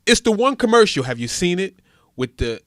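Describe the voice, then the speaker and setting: A male co-host with a high, bright voice that leaps around as he teases and cracks up in casual radio banter. His voice is tight and dry on the mic. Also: normal speed, no room sound. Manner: excitable, laughs often, teasing.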